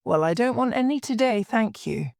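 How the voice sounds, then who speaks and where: A woman's voice: fairly high pitch, lively intonation, moderate pace, creaky, a little mellow, dry recording, studio quality, voice pushed up. A woman voicing a curious, polite young girl who asks puzzled questions.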